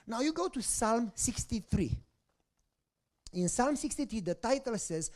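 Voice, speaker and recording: Animated male preacher, swinging loud and soft. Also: very high voice, a little slow. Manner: dramatic storytelling with rhetorical questions to the congregation; swings between soft hushed lines and loud bursts. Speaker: pastor. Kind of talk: sermon.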